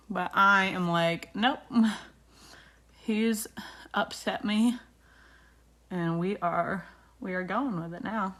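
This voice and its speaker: A woman's voice: on the low side, normal speed. Indignant woman vlogger telling a story. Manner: animated, indignant retelling of a dispute. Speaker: beauty vlogger. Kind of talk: casual storytelling while doing makeup.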